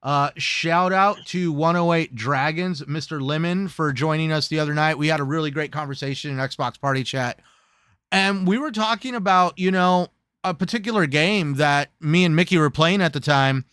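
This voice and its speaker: A man hosting a casual gaming chat show, lively and joking, who slips into silly put-on voices now and then. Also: on the high side, normal speed, smooth, dry recording, clean studio sound. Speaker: host.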